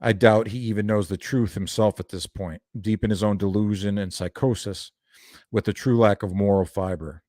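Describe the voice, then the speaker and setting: Low-voiced man ranting angrily. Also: steady tone, moderate pace, warm tone, dry recording, clean studio sound. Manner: heated, profane, ranting. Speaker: reaction video creator. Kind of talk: angry reaction commentary.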